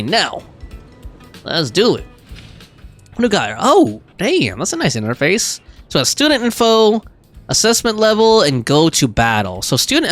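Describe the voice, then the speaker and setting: Man, game streamer, fairly high voice, very lively pitch, rambling casual chat, dry close sound, faint game music behind. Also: no room sound. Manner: chatty and rambling, reads chat aloud. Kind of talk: live gameplay commentary.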